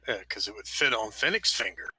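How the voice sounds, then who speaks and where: A man's voice: on the low side, lively intonation, fairly quick, bright, forceful tone, slightly rough, dry recording. A man playing a tabletop game, casually drawling out what his character does. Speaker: player.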